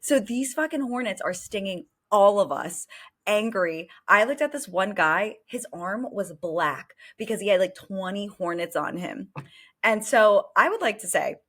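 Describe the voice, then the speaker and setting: A woman co-hosting a podcast, telling a story in a casual, animated way, full of fillers and swearing. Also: mid-range voice, unhurried. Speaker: podcast co-host.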